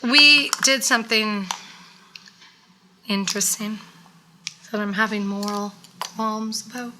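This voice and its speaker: A woman co-hosting a casual makeup chat, a little hoarse from losing her voice, chatty and playfully sarcastic. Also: medium pitch, steady tone, slow pace, background noise. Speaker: co-host.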